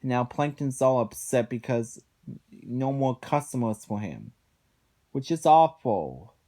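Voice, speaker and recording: Slow, exasperated sighing man. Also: medium pitch, lively intonation, mellow. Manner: exasperated, sighing often, rambling. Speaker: episode reviewer. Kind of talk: casual spoken review.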